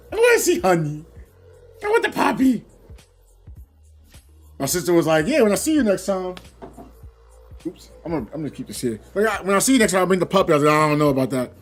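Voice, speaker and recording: A man streaming a game, chatting casually and rambling, acting out quoted voices of other people. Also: a little high. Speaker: gaming livestreamer. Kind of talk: casual livestream chat.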